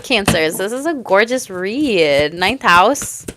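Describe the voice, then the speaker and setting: Gushing, excitable woman tarot reader. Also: mid-range voice, takes it slowly, a little hiss or hum. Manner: excitable, gushing, laughs often; casual, swears freely. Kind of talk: live tarot reading to chat viewers.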